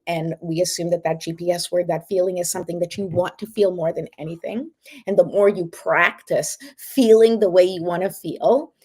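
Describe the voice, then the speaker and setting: A woman with a middle-pitched voice hosts a relaxed livestream. She chats easily, checks in with her viewers and coaches them through slow breathing in an encouraging way. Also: husky. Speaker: host. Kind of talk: casual livestream talk and guided breathing.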